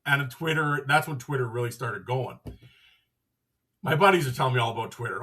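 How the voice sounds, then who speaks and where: A man's voice: medium pitch, brisk, long pauses, pushed and bright, breathy edge, distant mic. A man hosting a podcast, telling a casual, rambling story and acting out the dialogue with "I'm like" and "he goes.". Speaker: podcast host.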